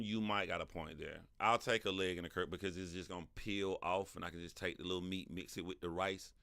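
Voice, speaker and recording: Deep-voiced man hosting a casual livestream. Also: no echo, clean studio sound. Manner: animated, laughs often, talks back to chat. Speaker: livestream host.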